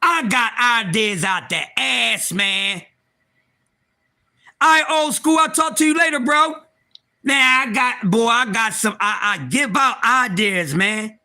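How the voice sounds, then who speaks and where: A man hosting a casual livestream, excitable and profane, talking straight to his viewers and often repeating and restarting. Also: very high-pitched, unhurried. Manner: excitable, profane, talks to chat. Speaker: livestream host.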